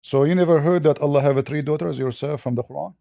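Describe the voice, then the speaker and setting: A man's voice: fairly high pitch, fast, gravelly, warm tone, dry recording, clean studio sound. A man hosting a heated religious debate, challenging and mocking his opponent. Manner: challenging, mocking, talks over the other. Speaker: debate host.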